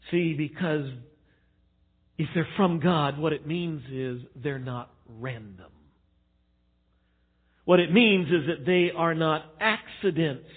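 A male pastor preaching a sermon, swinging from hushed, slow emphasis to loud, playful acting out. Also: fairly high pitch, animated, slightly rough. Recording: tinny phone-like sound.

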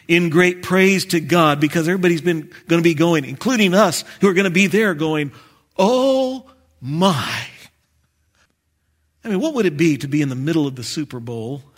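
A man preaching a sermon, swinging between loud exclamations and quiet, intense asides. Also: fairly high pitch. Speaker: pastor. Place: church sanctuary.

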